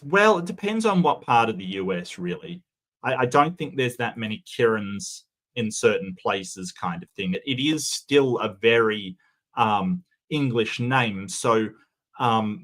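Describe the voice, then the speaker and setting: A man's voice: medium pitch, a bit bright. A man hosting a casual livestream, reading forum posts and chat comments aloud and chatting about them.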